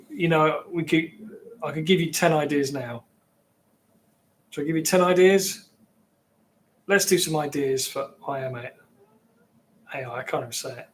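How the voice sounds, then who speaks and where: A man from England with an English accent, rambling casually as he chats with viewers on his livestream. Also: a little high. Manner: rambling, chatty, reacting to viewers. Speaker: livestream host.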